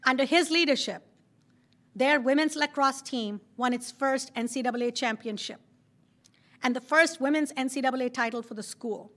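Woman, high voice, press conference introduction, measured, formal. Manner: warm, measured, listing credentials. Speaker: university president introducing a speaker.

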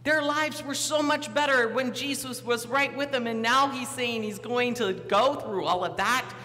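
This sermon comes from a pastor whose medium-pitched voice is unhurried, pushed and bright. Telling the story vividly, he acts out the disciples and questions the congregation, while the church sanctuary's reverberant acoustics carry a faint hum.

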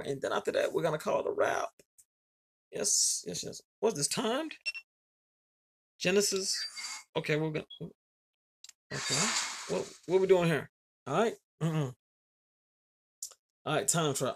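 A man's voice: high-pitched, animated, fairly quick, pauses often, soft background music. A man hosting a gaming channel, giving boastful, hyped let's-play commentary, swearing and calling out to his viewers.

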